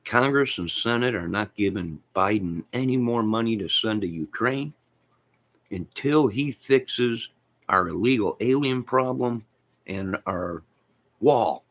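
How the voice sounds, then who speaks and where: Deep-ish guy rambling on his stream, jokey, random loud bursts. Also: expressive, measured pace. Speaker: channel host. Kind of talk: rambling joking livestream chat.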